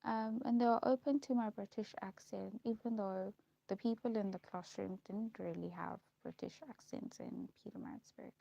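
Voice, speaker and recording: A young woman telling her life story in a casual vlog, repeating herself and pausing with ums as she lists memories. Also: medium pitch, fairly even intonation, creaky, warm tone. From South Africa. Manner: repetitive, listing recollections with frequent ums. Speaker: vlogger. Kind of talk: personal storytelling. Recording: dull lo-fi recording.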